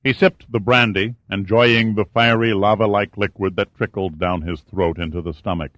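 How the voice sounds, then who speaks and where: A man narrating a novel in a steady, even storytelling manner. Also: lowish voice, normal speed, few pauses, no room sound. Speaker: audiobook narrator. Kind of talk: scripted narration.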